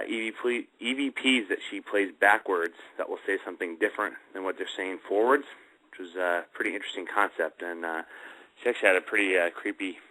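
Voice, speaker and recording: A male radio host chatting loosely about ghost hunts, his low voice bright and forward. He rambles along with frequent fillers. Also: rough recording. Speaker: host of a paranormal talk show. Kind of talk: casual radio show talk.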